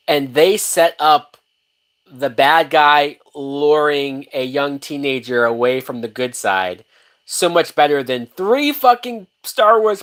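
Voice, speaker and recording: Guy doing a live movie watch, swears a lot, laughs, keeps restarting sentences. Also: fairly high pitch. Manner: animated, profane, laughs often, many restarts. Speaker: movie reaction host.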